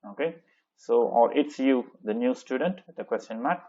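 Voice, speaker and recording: A man teaching a French lesson, reading textbook lines slowly and translating each one with many "okay, so" fillers. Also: mid-range voice, lively intonation, mellow, muffled recording. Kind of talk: classroom lesson explaining a textbook dialogue.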